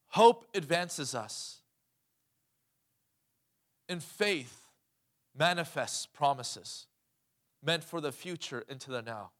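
A male pastor preaching a sermon, emphatic, asking the congregation questions and calling for amens. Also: on the high side. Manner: emphatic, asks the crowd questions, calls "Amen?".

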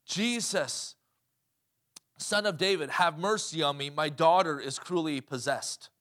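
A man's voice: on the high side, measured pace, a bit bright. A preacher voicing a pleading desperate mother. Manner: pleading, insistent.

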